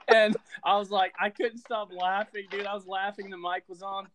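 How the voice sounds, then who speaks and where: A man's voice: sits high, little pitch movement, moderate pace, crowd noise. A man on a podcast telling a funny story in a casual, laughing way. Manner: laughing storyteller, says dude a lot. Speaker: podcast co-host. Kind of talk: casual chat.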